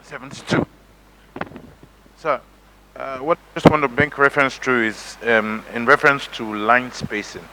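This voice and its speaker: A lawmaker raising a point from the floor, hesitant and pausing with fillers. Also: male voice, medium pitch, fairly even intonation, background noise. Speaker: legislator. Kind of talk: formal floor remark.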